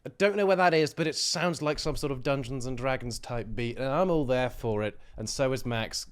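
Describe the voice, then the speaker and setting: A young man co-hosting a casual podcast chat, jokey and deadpan, fond of silly voices and puns. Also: mid-range voice, moderate pace, clear, resonant tone. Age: young adult. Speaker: podcast co-host.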